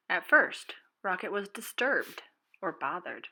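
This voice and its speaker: A preschool teacher reading a storybook aloud to children and clearly explaining new words. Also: female voice, on the low side, moderate pace, bright, forceful tone. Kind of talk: storybook read-aloud lesson.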